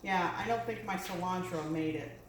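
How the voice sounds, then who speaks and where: A woman's voice: lowish voice, moderate pace. A woman chatting casually while cooking at home, filling her talk with ums and little asides. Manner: chatty, full of fillers and asides. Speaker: home cook vlogger. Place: home kitchen. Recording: roomy kitchen with loud background noise.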